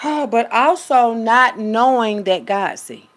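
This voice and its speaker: A woman's voice: a little high, expressive, slow, a bit bright. A woman talking casually and rambling to her viewers, reading aloud. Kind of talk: casual monologue.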